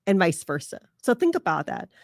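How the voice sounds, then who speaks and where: A woman's voice: fairly low pitch, big pitch swings, fairly quick, creaky, no room sound, clean studio sound. Chatty woman hosting an advice podcast. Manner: chatty, laughs often, frequent fillers. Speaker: podcast host.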